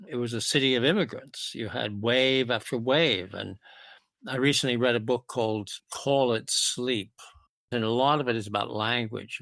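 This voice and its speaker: A man's voice: on the low side, gravelly, a bit bright, no echo. A man, a music producer and author, answering interview questions in a reflective, storytelling way. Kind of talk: interview conversation.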